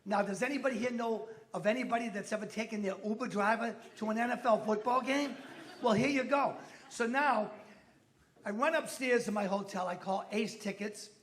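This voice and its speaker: High-voiced comedian on stage. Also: male voice, normal speed, a bit bright. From Massachusetts. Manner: storytelling with acted-out voices, brash punchlines. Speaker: stand-up comedian. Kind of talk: stand-up comedy routine.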